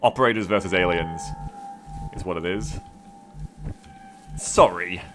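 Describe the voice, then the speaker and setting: A man streaming a strategy game live, excitable and rambling, swearing freely as he plays. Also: low voice, measured pace, music in the background. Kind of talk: casual gaming livestream commentary.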